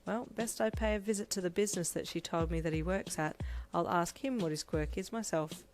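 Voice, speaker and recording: A woman's voice: fairly low pitch, brisk, a little mellow, soft background music, natural voice. A woman voicing a cocky young male hero in a read-aloud story, breezy and teasing.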